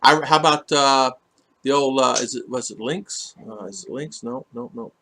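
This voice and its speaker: Speaking at a moderate pace in a medium-pitched, bright and forceful voice, a man runs a casual livestream from his home in the Philippines. He reads out viewer comments and rambles through them, restarting often and leaning on fillers.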